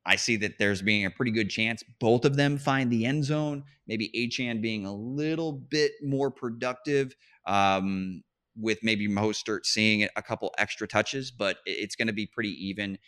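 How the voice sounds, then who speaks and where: A man's voice: on the low side, moderate pace, sharp tone. A man hosting a fantasy football podcast, talking casually and with animation, often restarting his sentences and laughing mid-phrase. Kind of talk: casual sports chat.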